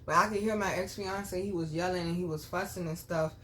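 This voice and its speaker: A spiritual reader and vlogger tells viewers her own story in a candid storytime chat, blunt, profane and animated, sinking to low murmurs before bursting out loudly. She speaks fairly quickly, and there's a little hiss or hum in the background.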